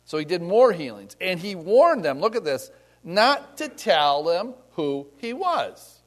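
High, lively-voiced male preacher. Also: unhurried. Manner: conversational, acts out scripture scenes in voices. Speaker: pastor. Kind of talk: sermon.

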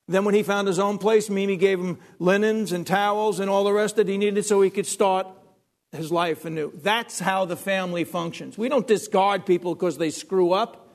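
A man preaching a sermon, emphatic, repeating phrases and restarting sentences. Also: sits high.

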